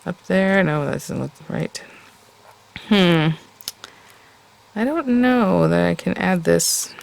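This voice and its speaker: A woman's voice: on the low side, animated, slow pace, creaky. A woman hosting a casual step-by-step craft tutorial, chatty and enthusiastic and talking straight to her viewers.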